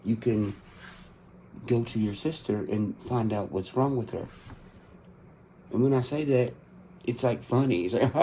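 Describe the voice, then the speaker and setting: A man in his thirties vents in a long, profane spoken rant. His voice is mellow and dark. A little faint noise sits under the recording. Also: mid-range voice, slow, long pauses. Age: 30s. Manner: angry, profane, venting. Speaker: country rap artist.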